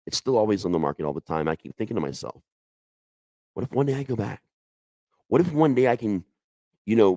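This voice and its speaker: Low-voiced man telling a haunting true story. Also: a little mellow, dry recording. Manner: conversational, emotional, with many restarts and asides. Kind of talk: personal ghost story told casually.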